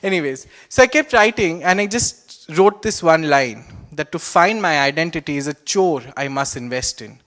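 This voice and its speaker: Young Indian-accented man, fairly high voice, wry stage storyteller. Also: expressive, normal speed, few pauses, a bit bright. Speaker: student storyteller.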